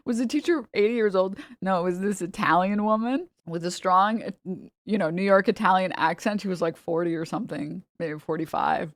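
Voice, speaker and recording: A young woman streamer giving casual, joking reaction commentary, chatty and quick to laugh. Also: medium pitch, no echo, studio quality.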